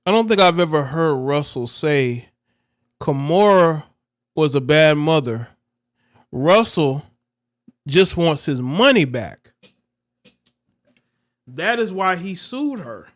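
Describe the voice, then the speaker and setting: A man's voice: fairly high pitch, animated, slow pace, pauses often. A man giving blunt reaction commentary on a livestream, scolding and repeating himself.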